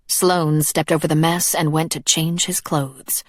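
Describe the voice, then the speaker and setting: A woman reads a dark fantasy audiobook in a low, unhurried voice. Her measured, even delivery builds the tension steadily. The recording is dry and close. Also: no echo. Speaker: audiobook narrator. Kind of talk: scripted narration.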